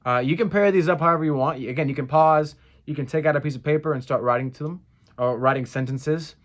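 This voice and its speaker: A young man giving a casual spoken lesson for a church group, earnest and repeating each phrase slowly so listeners can practice. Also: fairly high pitch. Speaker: church language teacher.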